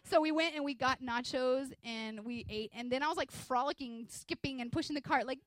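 Woman in her 30s giving a sermon, kinda high voice, chatty and lively, dry close sound. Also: fairly quick, no echo. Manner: energetic, conversational, acts out quotes from home life. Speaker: pastor's wife preaching.

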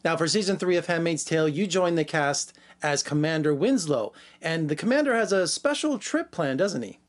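A man's voice: on the high side, lively intonation, normal speed. A man from Las Vegas hosting an entertainment interview in an upbeat presenter manner. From Las Vegas, USA.

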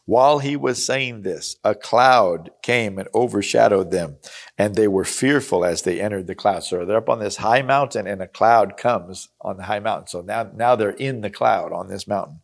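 Low-voiced man teaching through a Bible chapter. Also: normal speed, gravelly. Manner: earnest, conversational, reads scripture then explains it. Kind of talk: sermon-style Bible reading and teaching.

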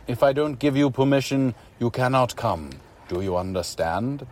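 A man voicing a dominant male lover who speaks in a low, firm, controlled way. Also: lively intonation, moderate pace, a little mellow, natural voice. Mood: commanding.

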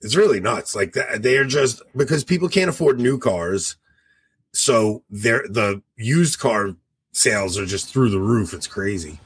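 A man in his forties with a slightly husky, breathy voice at a middle pitch, chatting on a podcast. He tells stories with lots of energy and slips into other people's voices. The sound is dry and close to the mic. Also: unhurried, no echo. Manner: animated storyteller, acts out quoted voices. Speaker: podcast co-host. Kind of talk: casual chat.

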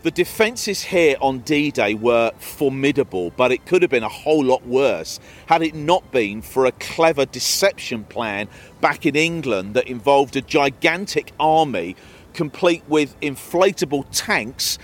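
A man presenting a documentary, narrating from a script in a solemn, measured way. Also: mid-range voice, animated.

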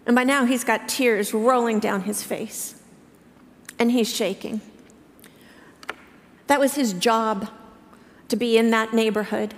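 Woman, 50s, preacher, earnest sermon storytelling, high voice, long church reverb. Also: fairly even intonation. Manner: earnest, storytelling, with halting restarts. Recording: reverberant hall.

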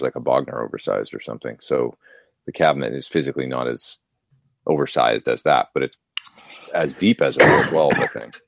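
A man's voice: a bass voice, creaky, dry recording, studio quality. A man chatting casually and at length, answering viewer questions about gear and hobbies. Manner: rambling, chatty. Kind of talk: casual chat.

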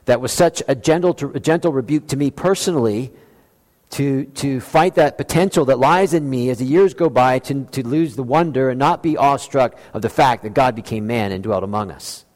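A man preaching a sermon as pastor, earnest and reflective, with slow emphatic phrasing. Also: medium pitch, darkish tone. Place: church sanctuary. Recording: long hall reverb.

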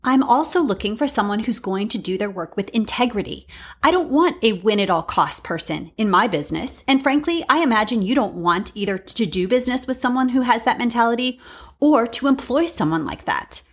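A woman's voice: fairly high pitch, expressive, brisk, husky. A woman in her forties, a podcast host, giving a frank, earnest reflective monologue with storytelling asides.

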